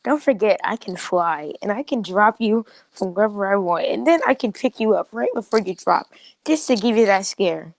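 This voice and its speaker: A woman's voice: medium pitch, expressive, normal speed, gravelly, no room sound. A woman voicing a cocky teenage boy hero. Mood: teasing.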